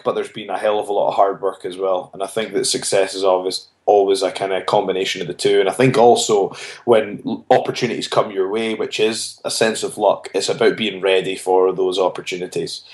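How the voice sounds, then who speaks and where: A man's voice: lowish voice, little pitch movement, fairly quick, a little mellow. A man, a wrestler being interviewed, telling his story earnestly and often restarting his phrases. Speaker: wrestler guest. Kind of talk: casual interview chat. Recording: roomy echo.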